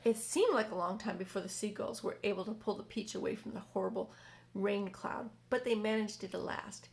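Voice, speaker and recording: A woman reading a children's book aloud in a community hall, steady with small slips and self-corrections. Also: medium pitch, gravelly. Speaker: reader.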